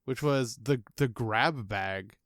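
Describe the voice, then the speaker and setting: Male podcast co-host, mid-pitched, rambling casual chat, dry close sound. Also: slow pace, fairly bright tone, no room sound.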